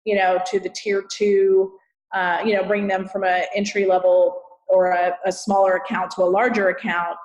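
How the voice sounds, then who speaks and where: Texan woman, podcast guest, earnest and emphatic, mid-pitched, echoey room. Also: flat delivery, moderate pace, a little mellow, dull audio. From Texas. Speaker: guest, customer success consultant. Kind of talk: podcast interview. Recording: roomy echo.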